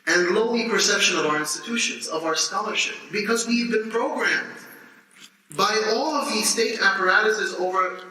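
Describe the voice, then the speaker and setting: A man in his thirties, teaching students and telling stories in an animated way, with laughter and restarts. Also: high voice, normal speed. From United States. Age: 30s. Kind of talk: lecture to students. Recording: echoey hall, distant mic, faint noise.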